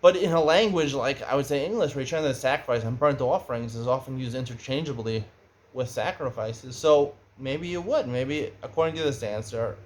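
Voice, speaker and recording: In this Talmud study lecture, a middle-aged teacher talks conversationally and livens up as he poses questions. He speaks in a mid-range voice, and a slight hiss or hum can be heard.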